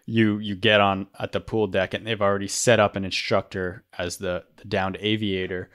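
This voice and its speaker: Low-voiced man telling a rambling story. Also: level tone, a bit bright. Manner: rambling, halting, many restarts. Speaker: former rescue swimmer guest. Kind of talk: casual storytelling.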